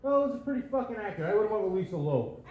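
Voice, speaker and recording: A man doing stand-up comedy, with a profane rant style and shouted bursts, acting out dialogue. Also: high voice, very animated, rapid-fire, lo-fi sound. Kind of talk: stand-up set. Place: comedy club stage. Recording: echoey club with crowd laughter. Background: audience laughing.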